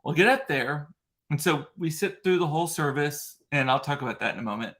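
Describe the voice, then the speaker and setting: A man's voice: a little high, animated, brisk, fairly bright tone. Rambling, chatty man on a livestream. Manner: rambling, emotional storyteller with frequent fillers and restarts. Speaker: livestream host. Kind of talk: casual livestream chat. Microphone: computer mic in front of a ring light.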